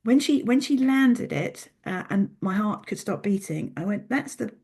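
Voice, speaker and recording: Middle-aged woman chatting on a podcast, kinda husky, lots of restarts, lively story voice. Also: mid-range voice, normal speed. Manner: animated storyteller, many restarts. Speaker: podcast guest. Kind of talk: casual interview talk.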